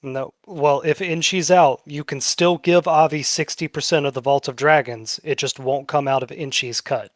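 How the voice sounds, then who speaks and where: A man's voice: fairly high pitch, steady tone, no room sound. Dry-voiced man running a tabletop game. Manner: casual, swears freely, slows for dramatic narration. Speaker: game master.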